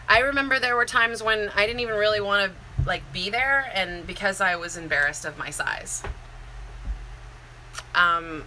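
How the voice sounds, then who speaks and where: A woman's voice: medium pitch, sharp tone, slight background noise, poor audio. A woman, a Zumba instructor, talking candidly in a rambling, heartfelt live-stream chat, full of fillers and restarts. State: near tears.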